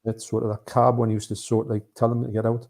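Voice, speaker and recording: A man with a gravelly, husky, dark-toned voice chats casually on a live stream about films. He rambles a little and reads out viewer comments as he goes. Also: on the low side, completely flat delivery, fast. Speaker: co-host of a live movie chat.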